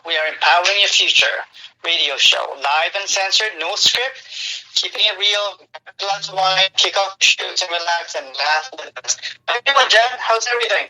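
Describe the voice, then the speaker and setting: A man from Winnipeg hosting a radio talk show, relaxed and jokey with lots of fillers. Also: on the high side, low-quality recording. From Winnipeg, Canada. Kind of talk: casual chat.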